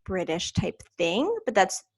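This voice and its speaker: A woman's voice: mid-range voice, a little slow, breathy edge. A woman co-hosting a podcast in casual chat, telling everyday stories in a chatty way. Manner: chatty storyteller, lively retelling. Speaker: podcast co-host.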